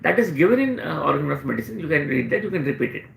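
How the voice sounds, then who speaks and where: A man with an Indian English accent teaches in a live question-and-answer session. He explains things with repeated emphasis. His voice is high and gravelly, and an echoey room surrounds it. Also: big pitch swings, racing, a little hiss or hum. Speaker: homeopathic doctor.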